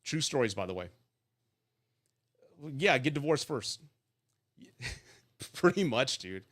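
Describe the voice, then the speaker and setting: A man's voice: mid-range voice, sing-song, slow, a bit bright. A man hosting a live advice stream about divorce and dating, talking bluntly and casually, telling stories and checking in with "right?". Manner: blunt, profane, storytelling with lots of "right?".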